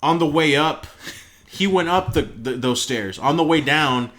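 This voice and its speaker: A man's voice: fairly high pitch, a little slow, a bit bright. A man co-hosting a podcast, talking in a laid-back, slangy way and prompting his guest with questions. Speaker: podcast co-host. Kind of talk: casual podcast chat.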